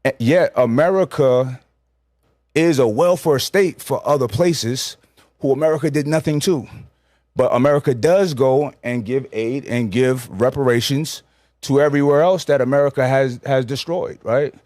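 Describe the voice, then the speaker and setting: A man talks in a blunt, emphatic way, his pitch sitting in an ordinary middle range. The sound is dry and close, with no room in it. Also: normal speed, a little mellow, no echo. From New York. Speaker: podcast guest. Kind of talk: casual podcast conversation.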